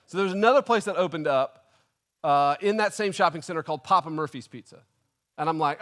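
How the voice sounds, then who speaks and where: A man preaching a sermon, telling a comic personal story with animated, indignant storytelling. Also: high voice, brisk. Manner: animated storytelling, acting out his own indignation. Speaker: pastor.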